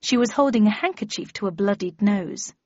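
A woman's voice: mid-range voice, lively intonation, brisk, darkish tone, dry recording. A woman narrating a first-person audiobook in a dry, wry storytelling manner. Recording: dry, slightly dull audio.

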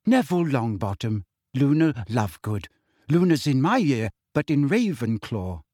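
A man reading a story aloud, voicing a bold teenage girl who speaks briskly and sharply. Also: mid-range voice, sing-song, no echo, studio quality. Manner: brisk, matter-of-fact, sharp.

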